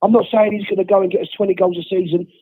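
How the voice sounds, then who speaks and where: A man calling in while unwell, his voice high and husky. He rants bluntly about football in a phone-in. The sound is thin and phone-like, with a dry, close feel. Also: flat delivery, very fast, dry recording. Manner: blunt, ranting football opinions. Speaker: caller. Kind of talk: phone-in rant. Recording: tinny phone line.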